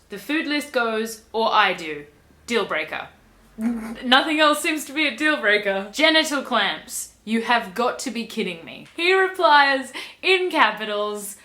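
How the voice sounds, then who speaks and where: Sarcastic young woman reading aloud. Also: fairly high pitch. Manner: sarcastic, deadpan asides. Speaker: vlogger reading a book aloud. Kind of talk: comic book reading with sarcastic commentary.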